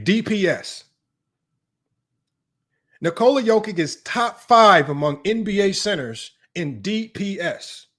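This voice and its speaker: A man with a high-pitched, fairly bright voice hosts a sports debate show. He reads statistics aloud and rants at viewers, taunting his critics in a combative, mocking way.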